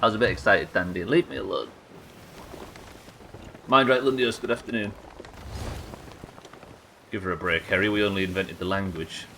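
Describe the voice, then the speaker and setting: A man's voice: low voice, normal speed, pauses often, pushed and bright, a little hiss or hum. A young man streaming a pirate game live, chatting with viewers and swearing casually. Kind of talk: live game commentary reading chat.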